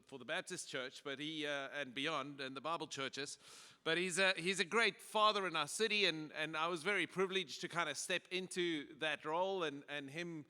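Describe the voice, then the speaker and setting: A man's voice: on the high side, bright, forceful tone, clean tone. A South African man who pastors a church, giving a joking conference talk with lots of fillers and restarts. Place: large conference hall. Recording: echoey hall PA.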